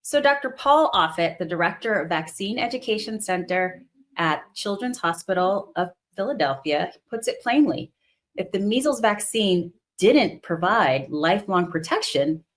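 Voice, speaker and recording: A woman doctor co-hosting a health show, explaining facts in a firm, explanatory way. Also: on the low side. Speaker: co-host, doctor.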